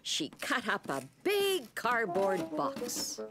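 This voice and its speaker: A woman narrating a preschool cartoon in a warm, even storytelling manner. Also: fairly high pitch, slow pace. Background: children's music.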